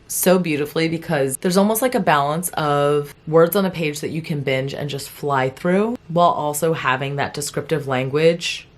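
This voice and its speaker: A young woman vlogging about a book she is reading, talking to her viewers in a chatty, animated way and laughing often. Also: low voice. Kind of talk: casual chat to camera.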